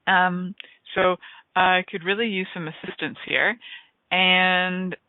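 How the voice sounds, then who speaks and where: A woman's voice: on the low side, fairly even intonation, slow, no room sound. A woman hosting a radio talk show, chatting in a rambling, enthusiastic way that often trails off and restarts. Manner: rambling, enthusiastic, self-interrupting. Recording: tinny phone-like line, dry.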